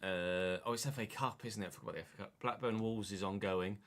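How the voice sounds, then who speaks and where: A man's voice: on the low side, fast talker, fairly bright tone. A man chatting casually on a live stream, muttering asides to himself and to chat.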